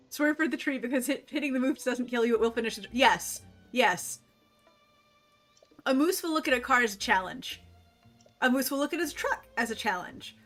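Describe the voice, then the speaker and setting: Woman streamer, casual and rambling, slightly high pitch, faint music bed. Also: lively intonation, moderate pace, pauses often, fairly bright tone. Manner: rambling, chatty, laughs often. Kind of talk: casual chat while gaming.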